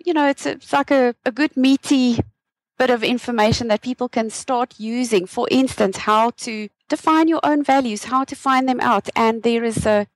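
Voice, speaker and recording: A woman guest on a podcast, calmly explaining practical tips as a career coach. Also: on the high side, normal speed, dry recording. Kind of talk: casual podcast interview. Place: remote call.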